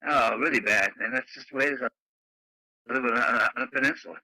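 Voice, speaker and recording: A man chats on a radio net, rambling and folksy with exclamations. His voice is very bright and sharp. The sound is close and dry. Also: medium pitch, fairly quick, no echo, poor audio. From Canada. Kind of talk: casual radio chat.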